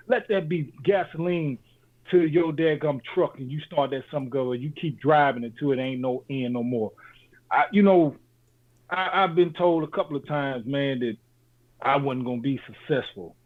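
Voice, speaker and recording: A man's voice: mid-range voice, moderate pace. Slangy man on a tinny line. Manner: loose, slangy, repeats "man" a lot. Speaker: podcast co-host. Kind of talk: casual motivational talk. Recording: tinny phone-like sound.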